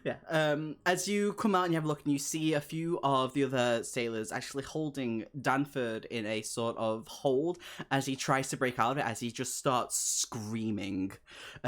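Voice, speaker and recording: A game master narrating a tabletop horror game in a loose, rambling way, full of "um" and "like". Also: medium pitch.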